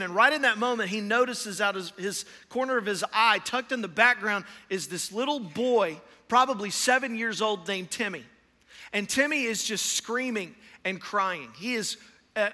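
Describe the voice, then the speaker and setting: A male pastor preaching a sermon with impassioned delivery, shifting from hushed lines to loud storytelling. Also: high voice. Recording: long hall reverb.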